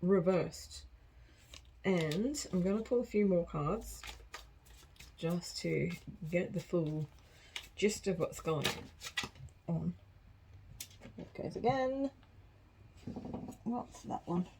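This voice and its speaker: A woman's voice: lowish voice, lively intonation, slow pace, long pauses, background noise. A woman giving a casual collective tarot reading, chatty and rambling, often laughing at herself. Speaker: tarot card reader.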